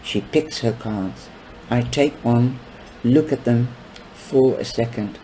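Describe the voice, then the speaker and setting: A man reading a novel aloud, unhurried, with small stumbles and casual asides. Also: mid-range voice, warm tone, a little hiss or hum, low-quality recording. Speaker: book reader.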